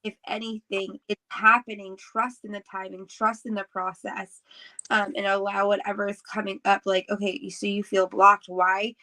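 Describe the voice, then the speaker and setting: A woman's voice: medium pitch, little pitch movement, sharp tone, rough recording. A woman giving casual spiritual advice on a live stream, chatty, full of "like" and "right?". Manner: chatty, fast, many "like"s and "right?"s. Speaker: co-host and reader.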